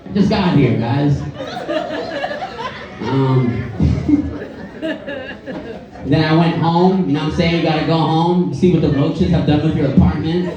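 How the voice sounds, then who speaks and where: High-voiced Bronx comedian in a loud club. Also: male voice, a little slow, pauses often. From the Bronx, New York. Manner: loose and conversational, keeps asking the crowd "you know what I'm saying". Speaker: stand-up comedian. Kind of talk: stand-up comedy set. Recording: far-off roomy club mic, muffled, loud crowd. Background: audience laughing.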